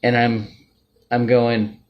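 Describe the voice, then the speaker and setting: A man in a financial group shares his views in an unscripted, rambling monologue, often ending sentences with "right?" or "all right?". His medium-pitched voice is completely flat and slow, and the highs are cut off in the recording.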